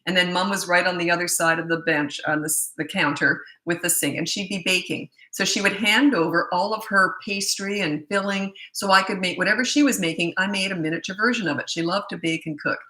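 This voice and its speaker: Chatty, bright-voiced woman coach. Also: on the low side, steady tone, a little fast, hardly any pauses. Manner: chatty, laughs often. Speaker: parenting coach. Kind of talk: casual storytelling Q&A. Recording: echoey room.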